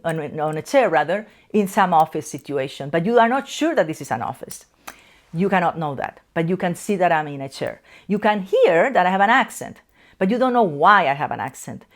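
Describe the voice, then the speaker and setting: A middle-aged woman from Spain with a Spanish accent, a psychoanalyst explaining concepts to camera from a chair in her office in a measured way. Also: fairly low pitch. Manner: measured, explanatory, slows to stress key terms. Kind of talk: educational talk to camera.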